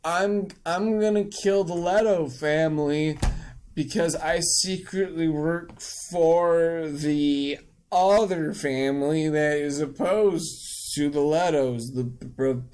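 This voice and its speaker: A man's voice: a little high, steady tone, takes it slowly, darkish tone, smooth. A man playing a stammering, treacherous teacher. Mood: sneaky. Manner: stammering, hesitant.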